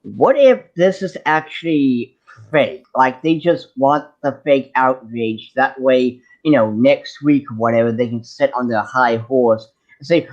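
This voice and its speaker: A man's voice: mid-range voice, measured pace, highs cut off. A man hosting a casual livestream chat, musing skeptically. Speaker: livestream host.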